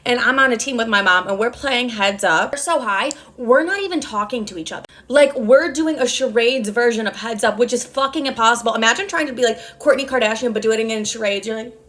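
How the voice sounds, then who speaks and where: A woman's voice: on the high side, brisk, hardly any pauses, fairly bright tone. Chatty young woman telling a storytime. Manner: chatty, swears often, heavy use of "like". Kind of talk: casual storytime.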